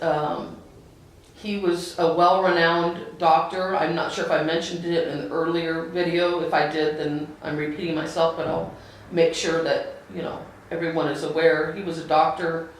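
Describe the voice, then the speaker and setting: A woman telling her family's story to the camera in a halting, earnest way, with many pauses and restarts. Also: sits low, level tone, a little hiss or hum. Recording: very echoey room, voice from a distance.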